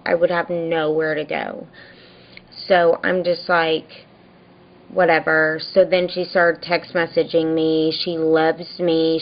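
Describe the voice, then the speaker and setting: A woman's voice: sits low, dull audio. A young woman vlogging casually, telling an exasperated story about a neighbor, tired and worn out. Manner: exasperated, animated retelling with mocking quoted voices.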